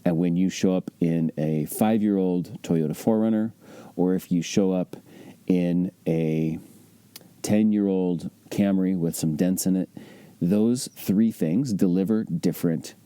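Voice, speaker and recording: A man's voice: low voice, takes it slowly, dark tone, dry recording. A man teaching real estate investing in a conversational, emphatic way, often asking rhetorical questions. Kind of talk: instructional podcast talk.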